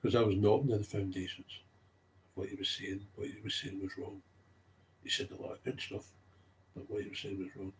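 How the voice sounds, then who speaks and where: This man's voice sits on the low side, steady in tone and a bit fast, with long pauses and slight background noise. In an unscripted talk about recovery work, he becomes agitated and keeps repeating his central phrases.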